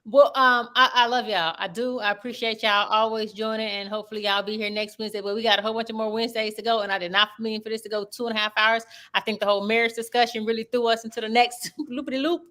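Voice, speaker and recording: Woman host, playful and emphatic, fairly high voice. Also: fairly even intonation, fast, hardly any pauses, fairly bright tone. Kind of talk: casual panel discussion.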